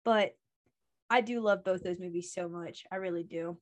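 A woman's voice: on the low side, normal speed. A woman co-hosting a podcast in casual chat, opinionated and rambling, laughing often. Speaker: podcast co-host.

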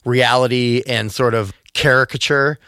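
A man co-hosting a podcast in casual chat, musing and asking questions, slowing down to draw out details. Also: medium pitch, steady tone, bright, forceful tone, clear, resonant tone, dry recording, clean studio sound. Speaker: podcast co-host.

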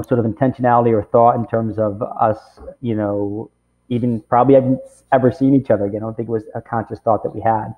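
Over tinny, phone-quality sound, a forty-something camp director spins a long personal story for an interviewer. His mid-range voice wanders from point to point, stuffed with "you know" and "right?".

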